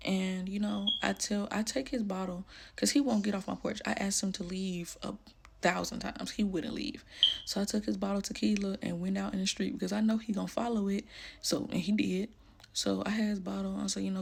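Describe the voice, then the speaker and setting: A woman's voice: mid-range voice, fairly even intonation, a little fast, vocal fry, slight background noise. A woman telling a personal story candidly, blunt and emotional, with casual slang.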